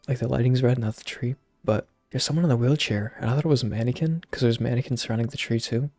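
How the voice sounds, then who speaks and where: A man's voice: medium pitch, dark tone, no echo. A young man casually recapping a movie, rambling with lots of slang and fillers. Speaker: channel host.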